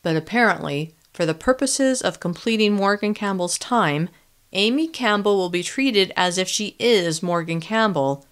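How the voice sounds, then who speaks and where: A woman voicing a male TV news reporter in an audiobook, giving the news in an even, formal way. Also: medium pitch, moderate pace, smooth, close to an everyday voice.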